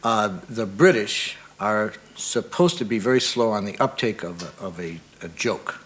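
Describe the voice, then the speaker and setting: An American man, a comedian guest on a talk show, speaking in an understated, halting way with many restarts. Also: lowish voice, animated, fairly bright tone. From United States.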